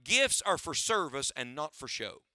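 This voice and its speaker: A man's voice: a little high, sing-song, moderate pace, pushed and bright, no echo, clean studio sound. A man preaching a sermon to his church, using a preacher's cadence and rhetorical questions, often asking listeners to write down his points. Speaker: pastor.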